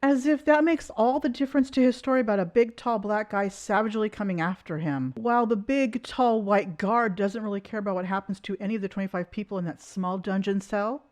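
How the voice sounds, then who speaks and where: A woman's voice: mid-range voice, fairly quick, few pauses, a little mellow. A woman giving critical, sarcastic commentary over video clips.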